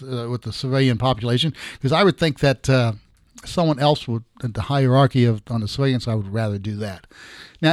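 A middle-aged man giving casual political commentary as a podcast host, rambling and halting with many restarts, blunt and sarcastic. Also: mid-range voice, no echo, clean studio sound.

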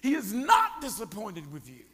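A man preaching a sermon as pastor, animated, joking and calling on the congregation to respond. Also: high-pitched, normal speed, slightly rough, long reverb tail. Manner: animated preaching with crowd prompts and humor.

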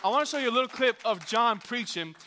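A young man, a youth pastor, telling a funny story in an energetic, joking sermon. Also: very high-pitched, fast, noisy background. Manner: hyped, joking, animated storyteller.

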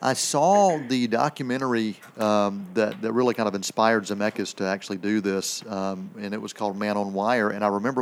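Man, low voice, radio co-host, casual film review, rambling, filler-heavy. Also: a little fast. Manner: rambling, many fillers and restarts. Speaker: radio movie segment co-host.

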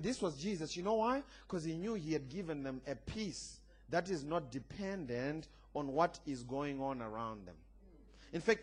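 A man with a high voice preaches a sermon with emphatic, animated delivery. He swings between loud declarations and quieter, playful asides, calling on the congregation to answer back. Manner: emphatic preaching with call-and-response. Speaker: pastor.

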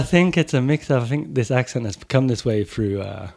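A man's voice: mid-range voice, animated, a little fast, gravelly, hardly any pauses, darkish tone. A man in his forties from England, a podcast guest with a Corby accent mixed with Swedish, American and Welsh, chatting casually and laughing often. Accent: Corby English mixed with Swedish, American and Welsh. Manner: laughs often, loose and swearing. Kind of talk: casual chat.

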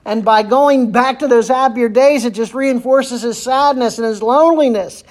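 A man's voice: very high-pitched, normal speed. A man preaching a sermon as pastor, earnest and repeating phrases for emphasis.

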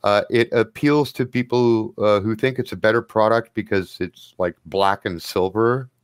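Low-voiced man running a tabletop game. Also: normal speed, clean tone, no echo. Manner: casual, joking description with swearing. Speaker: game master.

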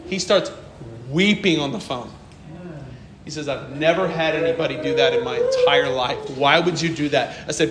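A man's voice: on the high side, normal speed, reverberant, noisy background. A man preaching a sermon as pastor, telling stories from his working life, acting out dialogue and laughing often.

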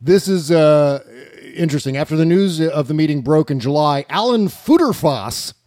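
A man's voice: on the high side, steady tone, normal speed, warm tone, no room sound, studio quality. A man hosting a political talk show, reading the news aloud with silly, mocking asides and frequent giggles. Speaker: podcast host.

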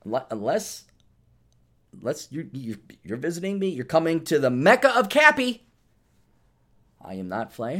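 A man hosts a podcast, delivering a rambling comedic monologue full of profane stories and acted-out quotes, animated throughout. His voice is on the high side, at normal speed with long pauses.

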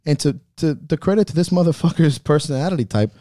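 A man's voice: on the high side, expressive, fast, warm tone, dry recording, clean studio sound. A man hosting a podcast, telling heartfelt personal stories in casual talk full of swearing. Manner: profane, heartfelt storytelling. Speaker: podcast host.

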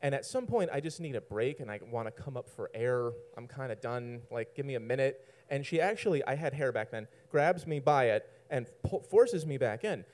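A man's voice: mid-range voice, animated, moderate pace, few pauses, darkish tone. A man telling a personal story to an audience, rambling and self-mocking, often laughing at his own lines.

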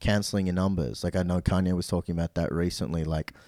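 A man's voice: low voice, fairly even intonation, fast talker, dark tone, no echo, studio quality. A young adult man, a DJ, talking bluntly in a casual chat, swearing freely and acting out other people's words. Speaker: DJ guest.

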